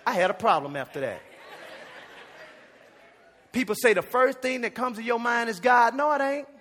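A man pastor telling a comic story in a sermon, animated and shouting at the high points. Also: normal speed, slight background noise.

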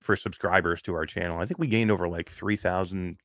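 A man's voice: low voice, a little fast, dry recording. A man co-hosting a live stream about gaming, chatting casually, joking and reading out viewers' names. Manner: animated, joking, reads chat names aloud. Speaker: podcast co-host.

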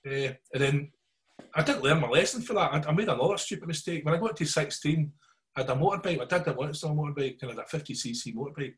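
A middle-aged man with a Glaswegian Scottish accent telling stories in casual chat, animated and always checking in with his listeners. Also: a little high, fast. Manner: animated yarn-spinning, keeps checking in with listeners.

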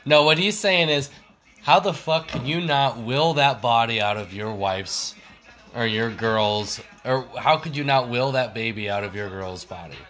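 Blunt, sarcastic man with a bright voice. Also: mid-range voice, measured pace. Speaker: podcast co-host. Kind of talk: casual chat.

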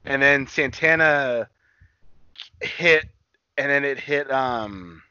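A man co-hosting a casual chat, retelling things in a rambling, profane, animated way. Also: medium pitch, slow, smooth, dry recording, lo-fi sound. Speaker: podcast co-host.

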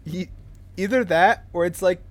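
A male podcast co-host with a fairly high voice for a man, chatting casually. He jokes constantly and laughs easily, and his delivery has a lot of animation. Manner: joking, quick to laugh, animated.

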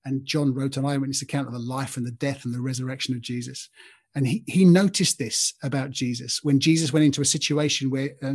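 Earnest man, husky voice. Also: medium pitch. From Britain. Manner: earnest, speaks straight to listeners by name. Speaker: podcast host. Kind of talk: informal Christian talk.

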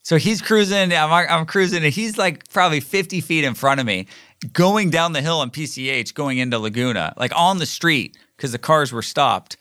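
A man's voice: on the high side, moderate pace, bright, forceful tone, no room sound, clean studio sound. A middle-aged man hosting his own podcast, telling a casual story in a rambling way with many fillers and restarts. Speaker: podcast host. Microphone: recording himself solo.

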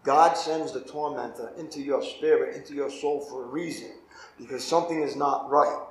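A man's voice: mid-range voice, steady tone, normal speed, gravelly. A man, a pastor, teaching a Bible study in an informal, conversational way and often asking his listeners "right?". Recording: echoey room.

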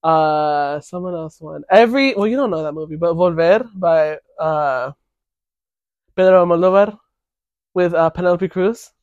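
A man co-hosting a casual podcast, chatting offhandedly about films with quick asides. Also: on the high side, a little mellow, no echo, highs cut off. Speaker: podcast co-host. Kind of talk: casual chat.

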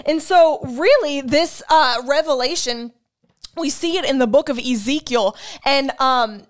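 A woman's voice: sits high, a little slow. A woman teaching a sermon in an earnest, emphatic way, repeating key phrases and sharing personal testimony with feeling. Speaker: Bible teacher.

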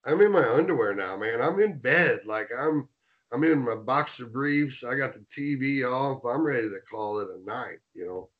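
A man telling a rowdy road story in a casual interview, animated and swearing as he acts out the quotes. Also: medium pitch, moderate pace, phone-quality sound. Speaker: interview guest, former wrestler.

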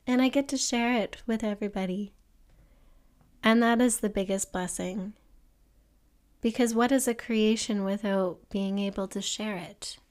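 A woman hosting a solo podcast, talking earnestly and gently encouraging listeners with questions for them to think about. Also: clean tone. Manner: acts out an excited child in a higher voice. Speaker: podcast host. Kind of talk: reflective solo podcast monologue.

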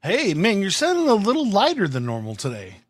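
A man's voice: high-pitched, wildly swooping pitch, fairly quick. A man co-hosting a podcast, casual chat with a playful, teasing manner. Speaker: podcast co-host.

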